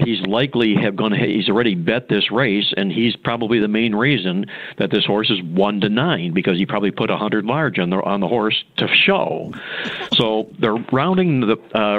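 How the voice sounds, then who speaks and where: A man telling an anecdote about betting at the racetrack in casual chat, with an animated storytelling manner. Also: fairly low pitch, phone-quality sound.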